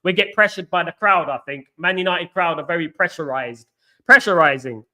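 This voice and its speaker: A man with a London accent hosts a live football fan stream, reading out viewer comments and answering them. His voice sits high and sounds bright and forceful. He talks animatedly and drops casual slang as he goes. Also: normal speed. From England. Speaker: fan channel host.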